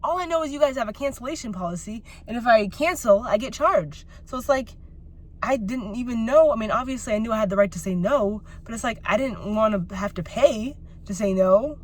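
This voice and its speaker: A woman's voice: fairly high pitch, expressive, brisk. A woman vlogging to her phone, venting at length in a rambling, exasperated way with lots of filler words. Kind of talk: personal vlog rant.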